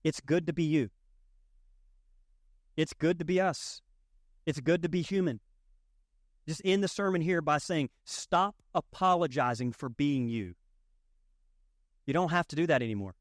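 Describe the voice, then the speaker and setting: A man with a Southern drawl preaches in a loose, conversational way, cracking jokes and hammering his points home through repetition. His voice sits high for a man. The sound is dry and close, with no room echo. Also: normal speed, pauses often. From Southern United States. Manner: folksy, joking, emphatic repetition. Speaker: pastor. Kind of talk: conversational sermon.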